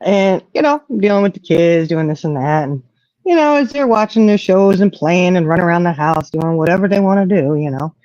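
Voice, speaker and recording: A woman's voice: on the low side, lively intonation, a little fast, darkish tone, no echo. An older woman, a grandmother, hosting a casual chat in a folksy way, often saying "you know". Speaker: host. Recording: dull lo-fi audio.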